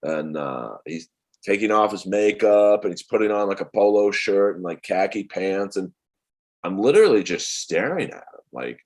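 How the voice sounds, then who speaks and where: A comedian in his forties, a man telling rambling, animated stories as a podcast guest. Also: on the low side, moderate pace. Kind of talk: casual podcast chat.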